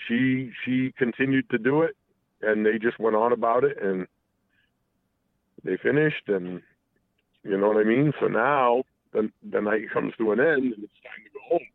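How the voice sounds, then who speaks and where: A man calling in and telling a personal story casually, halting and profane, full of restarts. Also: medium pitch, creaky, no echo. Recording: tinny phone line.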